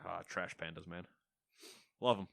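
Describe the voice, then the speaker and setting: Low and creaky, with a slight brightness, this man's voice moves at normal speed with no echo. He's a co-host on a laid-back gaming podcast, laughing and cracking jokes as he works through a news list.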